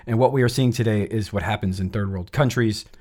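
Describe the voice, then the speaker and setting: A man co-hosting a political podcast, reading out quotes in a brisk, sardonic way. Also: lowish voice, a little mellow. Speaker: podcast co-host. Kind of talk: political commentary chat.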